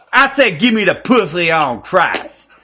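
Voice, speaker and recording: A man in online voice chat, taunting others and shouting in mock voices. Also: high-pitched, muffled recording, a little hiss or hum. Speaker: voice chat troll.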